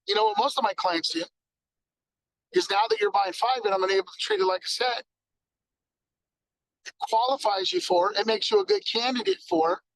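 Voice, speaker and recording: A man giving an energetic sales training talk, acting out exchanges with customers. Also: sits high, no echo, rough recording.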